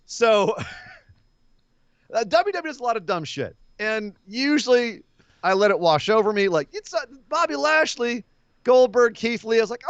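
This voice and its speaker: A man co-hosting a wrestling podcast, ranting in an animated, profane way and laughing often. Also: very high voice, unhurried, no echo, dull audio. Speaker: podcast co-host. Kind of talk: casual wrestling podcast chat.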